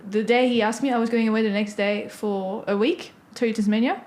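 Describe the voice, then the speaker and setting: A French woman with a light French accent telling a story in a relaxed podcast chat, using many fillers. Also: on the high side, a little fast. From France. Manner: chatty storytelling, filler-heavy. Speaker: podcast co-host. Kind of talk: casual chat.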